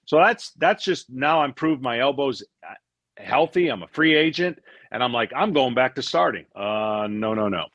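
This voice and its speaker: A man in his fifties, a guest on an interview podcast, telling a long story in a casual, animated way and acting out what others said. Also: mid-range voice, moderate pace, dry recording. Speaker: interview guest, former pitcher.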